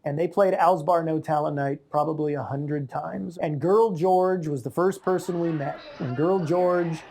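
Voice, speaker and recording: A man in his fifties tells old stories in an interview, loose and animated, swearing freely and slipping into other people's voices. His voice has a warm, mellow tone. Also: fairly high pitch, unhurried, a little hiss or hum. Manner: animated, profane, slips into quoted voices. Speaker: interviewee, art magazine publisher. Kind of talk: casual reminiscing storytelling.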